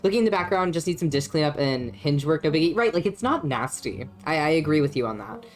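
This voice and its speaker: A woman's voice: sits low, lively intonation, fast talker, soft background music. A young woman streaming a story game, chatting casually with her chat, swearing and laughing often.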